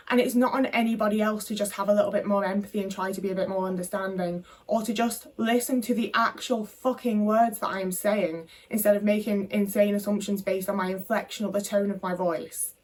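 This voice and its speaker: A woman's voice: mid-range voice, recorded from a distance. Candid swearing woman vlogger. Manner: candid, swears freely, frustrated. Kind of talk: casual talking-to-camera monologue.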